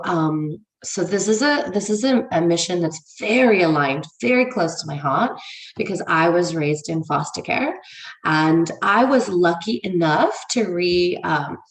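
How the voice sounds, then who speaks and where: A woman's voice: mid-range voice, echoey room, rough recording. A woman with an English accent leading a ministry livestream, talking casually and frankly to viewers, swearing for emphasis and greeting them by name. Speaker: ministry leader. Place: room, livestream.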